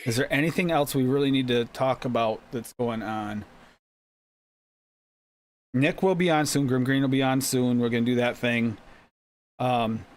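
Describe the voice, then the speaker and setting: A man's voice: medium pitch, normal speed, pauses often. Laid-back man hosting a live stream. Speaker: host of a DIY mixing show. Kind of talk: casual live-stream chat.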